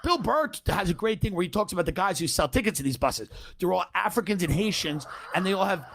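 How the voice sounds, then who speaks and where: A man telling a profane comic story in a podcast chat, with brash, quick asides. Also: high-pitched, animated, vocal fry, a bit bright.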